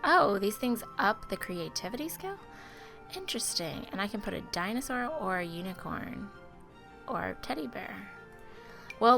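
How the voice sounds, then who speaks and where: Woman host, under the weather, gravelly, chatty gameplay commentary with faint music underneath. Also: medium pitch. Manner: chatty, expressive, talks to viewers. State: sick. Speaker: gaming video host.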